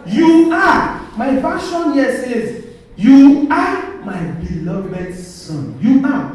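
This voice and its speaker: A man's voice: high-pitched, dark tone, a little hiss or hum. A man, a Catholic priest, preaching a sermon and quizzing his congregation with call-and-response questions. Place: church. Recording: echoey church from far off.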